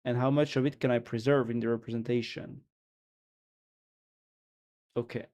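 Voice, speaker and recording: A man hosting a live stream, reading out dense technical notes at an ordinary middle pitch. He muses as he goes, restarting phrases and trailing off with offhand asides. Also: fairly even intonation, normal speed, a little mellow. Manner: thinks aloud, restarts, trails off with "or whatever". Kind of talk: casual live-stream commentary, reading aloud.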